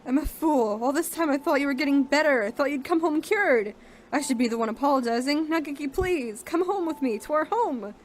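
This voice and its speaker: A frantic young man begs and pleads, as a woman reads him aloud from a visual novel. The voice sits a little high and pushes forward with urgency. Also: animated, brisk, slight background noise. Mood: pleading. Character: young man desperate to save his friend.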